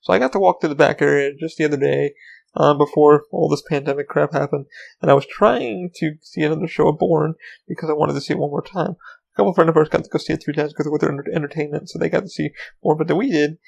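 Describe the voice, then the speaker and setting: Talking fast on his podcast, this host rambles with plenty of ums and curse words in a casual solo chat. His voice is on the high side, gravelly and a little mellow, with fairly even intonation over dull audio.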